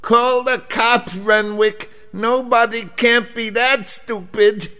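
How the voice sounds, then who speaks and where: A man voicing a prim, impatient female travel agent with a squeaky voice in a comic monologue. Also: fairly even intonation, slow pace, pushed and bright, smooth, heavily acted. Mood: scornful. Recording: long hall reverb.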